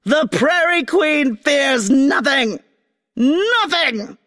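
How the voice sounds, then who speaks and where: A woman voicing a furious female grass spirit queen, shouting in a brassy, booming voice with whip-crack syllables. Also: expressive, extremely slow, heavily acted. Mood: raging.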